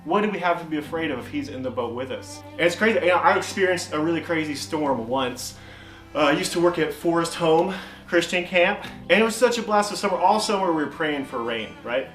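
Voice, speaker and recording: An animated young man preaches to youth in a casual, storytelling way, with his voice sitting a bit high. He keeps saying "man" and "like" as he talks. The room around him echoes, and soft music plays underneath. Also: a little fast. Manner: animated, acts out quoted voices, frequent "man" and "like". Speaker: youth pastor.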